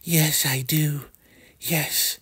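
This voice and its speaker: A man voicing a flustered, lovestruck woman in a casual TV recap, with a high breathy falsetto. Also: steady tone, very slow, a bit bright, heavily acted. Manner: flustered, gushing confession. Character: lovestruck sneaky woman, adult.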